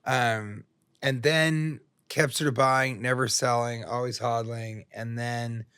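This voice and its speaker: A man's voice: medium pitch, fairly even intonation, slow pace, fairly bright tone, smooth, no room sound, clean studio sound. Rambling, profane comedian man. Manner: rambling, profane, jokey storytelling. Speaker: podcast guest, comedian. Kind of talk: casual interview chat.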